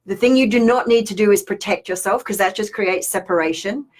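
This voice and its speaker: A woman's voice: medium pitch, fairly quick. Woman spiritual teacher, rambling live-stream chat with viewers. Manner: chatty and rambling, reads viewer comments aloud.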